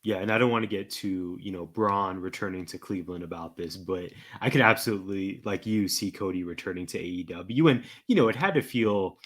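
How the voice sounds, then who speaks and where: A man's voice: low-pitched, fairly quick, hardly any pauses, a bit bright. A man co-hosting a podcast, chatting casually and making his points with emphatic admiration. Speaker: podcast co-host.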